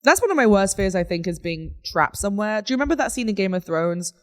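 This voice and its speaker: A woman co-hosting a podcast in casual chat, telling stories in a giggly, animated way. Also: mid-range voice, quick pace. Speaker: podcast co-host.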